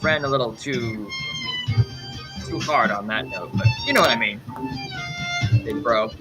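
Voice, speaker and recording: Lively, joking man at a game table. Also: medium pitch, measured pace. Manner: joking and playful. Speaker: player. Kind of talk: casual chat in a tabletop game. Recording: music behind.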